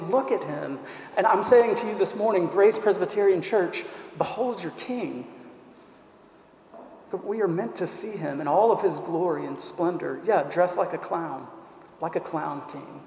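A man preaching a sermon in a church, who stresses his points by repeating phrases and asking rhetorical questions. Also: high-pitched. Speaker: pastor. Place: church sanctuary. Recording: echoey hall with long reverb.

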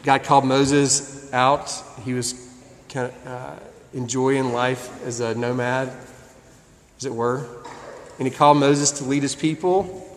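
A man's voice: mid-range voice, fairly even intonation, measured pace, a little hiss or hum. A man preaching a sermon, retelling a story in a casual way with acted asides. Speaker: pastor. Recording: long hall reverb.

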